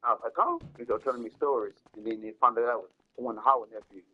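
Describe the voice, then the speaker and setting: A man tells a long story in loose, slangy talk, circling back and repeating lines as he goes. His voice is husky and sits at an ordinary pitch. The audio is dull and lo-fi. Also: fairly even intonation, quick pace, dry recording, faint music behind. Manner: rambling, repeats himself, heavy slang and cursing. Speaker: storyteller streaming a game. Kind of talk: casual storytelling.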